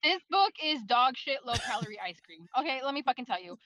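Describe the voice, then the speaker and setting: A woman's voice: sits high, big pitch swings, a little fast, bright, forceful tone, no echo. A woman in a casual book club chat, ranting with heavy profanity.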